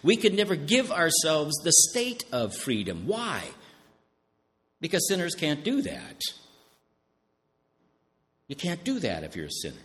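A male pastor preaching a sermon, asking the congregation questions and answering them himself, slowing down to stress key words. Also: a little high, huge pitch swings, fairly bright tone, big-room sound.

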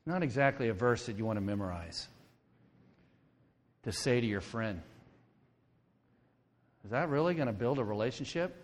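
A man preaches to his congregation in an animated, conversational way, slipping into voices for the quotes. His voice sits a little higher than most men's. It rings out with a long reverb, as in a church auditorium. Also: unhurried, pauses often. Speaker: pastor. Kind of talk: sermon.

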